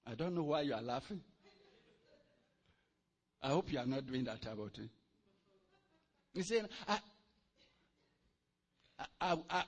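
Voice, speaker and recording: Man, preacher, sermon, high-pitched, animated, loud bursts. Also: a little slow, long pauses. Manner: animated, swings from quiet to loud and laughing.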